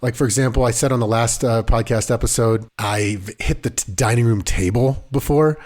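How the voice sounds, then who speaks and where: A man in his thirties co-hosting a podcast, telling stories in an animated casual chat. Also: medium pitch, normal speed. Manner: animated storyteller, acts out scenes. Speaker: podcast co-host.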